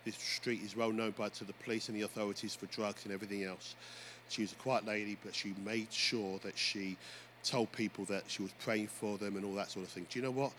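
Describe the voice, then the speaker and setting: Animated preacher man. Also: fairly low pitch, fairly quick, hardly any pauses. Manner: animated storytelling preacher, often addressing "folks". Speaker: pastor. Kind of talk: sermon. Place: church. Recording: faint background noise.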